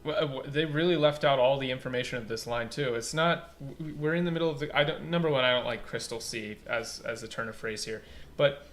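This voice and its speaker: A man giving let's play commentary and critiquing a game's translation, blunt and animated, swearing casually and saying "like" a lot. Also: medium pitch, fairly quick, faint music behind. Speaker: game localization critic.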